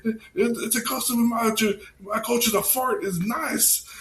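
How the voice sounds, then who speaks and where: A man voicing a boastful, cowardly grown man who blusters and shouts. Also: very high voice, steady tone, measured pace, voice pushed up. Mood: groveling. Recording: echoey room, faint hiss.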